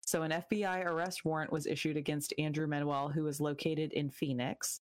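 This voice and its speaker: A woman's voice: low voice, flat delivery, fairly quick. A woman co-hosting a casual true crime podcast, retelling the case bluntly with swearing and sarcastic asides. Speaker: podcast co-host.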